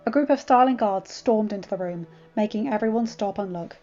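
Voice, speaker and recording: A woman narrating a fanfiction story in an expressive, dramatic reading. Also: mid-range voice, fairly quick, few pauses. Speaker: fanfiction reader. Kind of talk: scripted narration. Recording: dull lo-fi with faint music.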